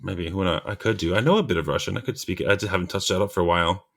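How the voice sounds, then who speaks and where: A man's voice: low voice, racing, vocal fry, fairly bright tone. A man co-hosting a podcast in casual chat, leading a quiz in a laid-back, teasing way. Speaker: podcast co-host.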